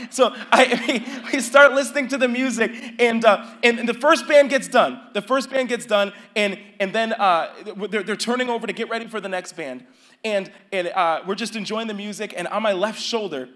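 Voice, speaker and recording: A male pastor preaching a sermon, telling a story with animated swings from hushed, quiet passages to near-shouted peaks. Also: sits high. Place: church sanctuary.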